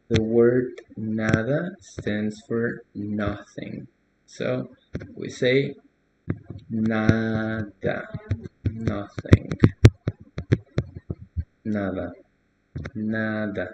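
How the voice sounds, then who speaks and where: Slow, hesitant young man tutoring. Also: fairly low pitch, echoey room, slight background noise. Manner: relaxed, hesitant, many fillers, soft laughs. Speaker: language tutor. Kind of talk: casual correction of a learner's post.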